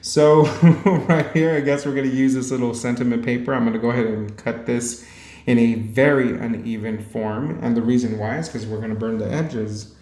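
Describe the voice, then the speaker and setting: A man's voice: medium pitch, fairly even intonation, normal speed, a little mellow. A man hosting a casual craft tutorial voice-over, playful and chatty, laughing often. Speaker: crafting channel host. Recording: echoey room.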